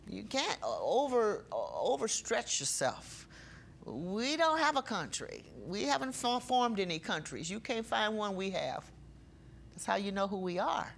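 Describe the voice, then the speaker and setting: A woman preaching a sermon with passion, slowing down and getting louder when she reads scripture. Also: mid-range voice, big pitch swings, creaky, a little hiss or hum.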